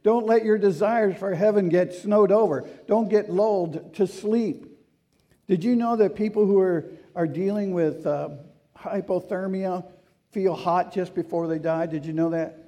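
High, mellow-voiced male pastor preaching. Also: unhurried, highs cut off. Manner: conversational preaching with rhetorical questions; earnest and urging. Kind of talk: sermon.

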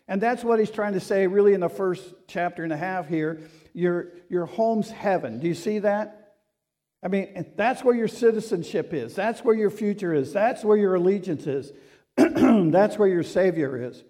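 High, mellow-voiced male pastor preaching. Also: unhurried. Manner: conversational preaching with rhetorical questions; earnest and urging. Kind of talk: sermon.

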